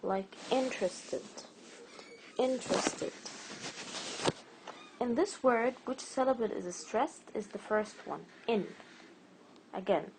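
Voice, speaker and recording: A woman gives a spelling and pronunciation lesson at an unhurried pace, repeating each word and drawing out its stressed syllable. Her voice sits in a middle range. A clear noisy hiss runs behind her. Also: medium pitch, darkish tone. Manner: patient, repeats words slowly, stretches stressed syllables. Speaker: teacher.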